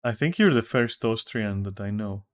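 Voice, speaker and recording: Man, Greek accent, low voice, casual game stream chat, rambling, swears casually. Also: expressive, normal speed. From Greece. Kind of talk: casual chat with viewers while gaming. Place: at home.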